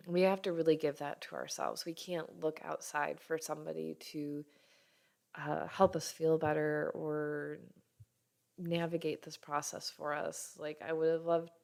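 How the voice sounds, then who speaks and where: A woman in her thirties hosting a podcast as a doctor, talking frankly and warmly in an unscripted way, and sometimes acting out what others say. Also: low voice, little pitch movement, measured pace, gravelly. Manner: frank and heartfelt, swears casually, acts out others' lines. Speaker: podcast host, functional medicine doctor. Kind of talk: candid solo podcast talk.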